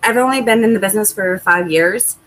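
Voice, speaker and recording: A woman's voice: medium pitch, fairly quick, a bit bright, rough recording. A young woman, an independent pro wrestler, chatting candidly as an interview guest and telling self-mocking stories. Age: young adult. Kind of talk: casual interview chat.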